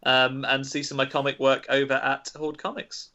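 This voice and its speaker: A man's voice: medium pitch, flat delivery, normal speed, bright, forceful tone, lo-fi sound. A man who ran the quiz on a podcast, chatting casually with dry jokes. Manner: dry joking. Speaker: quiz master.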